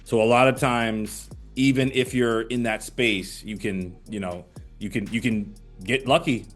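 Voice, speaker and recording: An older man is a guest on a casual interview. He tells animated anecdotes at a mid pitch and acts out the voices of the people in his stories. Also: a little slow, soft background music. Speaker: actor guest.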